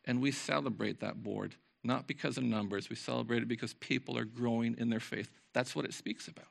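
A man preaching an informal, earnest sermon to his church, reading scripture and moving between lively talk and soft, quiet passages. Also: mid-range voice, brisk, creaky. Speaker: pastor. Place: church service.

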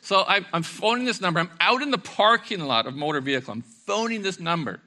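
A middle-aged man, a pastor, preaching a sermon with animated storytelling, acting out voices and laughing along the way. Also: high-pitched, brisk.

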